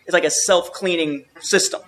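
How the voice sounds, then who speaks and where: Bright high-voiced man explaining. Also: steady tone, normal speed. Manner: thoughtful, explanatory, with some restarts. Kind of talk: casual chat.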